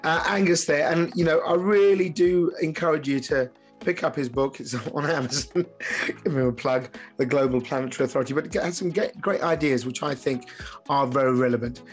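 Chatty guy interviewing, rambly questions, slightly high voice. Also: a little fast, faint music behind. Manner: chatty, asks long winding questions. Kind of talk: conversational interview.

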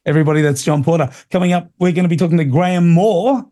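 Opinionated Australian talk radio host. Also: male voice, fairly high pitch, fast talker, warm tone. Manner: opinionated, rambling with fillers and restarts.

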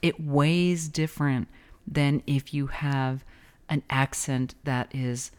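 A woman's voice: very deep voice, fairly even intonation, slow, clean tone. An American woman co-hosting a podcast in casual chat, laughing easily and thinking aloud. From United States. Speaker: podcast co-host.

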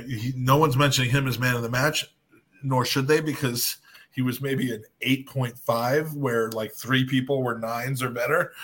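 Excitable, interrupting podcast man. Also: mid-range voice. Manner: excitable, interrupting, swearing freely. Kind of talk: casual chat.

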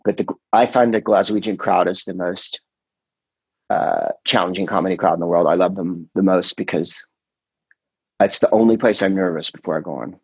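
A middle-aged man, a comedian and podcast host, chatting casually in a rambling, animated way, full of quoted voices and swearing. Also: sits low, moderate pace, vocal fry, breathy edge, no room sound, lo-fi sound. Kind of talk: casual chat.

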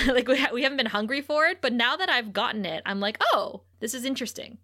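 A woman co-hosting a casual podcast, recapping a TV episode with animated retelling and frequent laughter. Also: fairly high pitch, fast talker. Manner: animated, laughs often, acts out quotes. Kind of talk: casual chat.

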